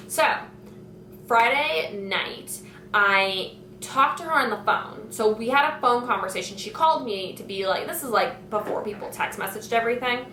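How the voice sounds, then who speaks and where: A woman's voice: fairly high pitch, lively intonation, moderate pace, bright, forceful tone, slight background noise. A young woman telling a story from her school days in a casual, chatty way, full of "like" and "you know". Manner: chatty, lots of filler "like". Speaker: vlogger. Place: home, kitchen nearby. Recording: echoey room, mic at a distance.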